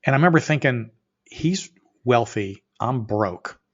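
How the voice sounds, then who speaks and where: A middle-aged man, an entrepreneur guest on a podcast, telling a story with energy and acting out both sides of the dialogue, sometimes rising to near shouts. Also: medium pitch, lively intonation, unhurried. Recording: muffled, slightly lo-fi audio.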